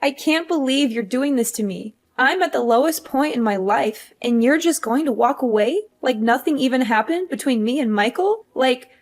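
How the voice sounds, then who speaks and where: A grieving young fiancée, voiced by a woman for an animated story. She speaks earnestly and pleadingly in a fairly high voice. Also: normal speed, hardly any pauses.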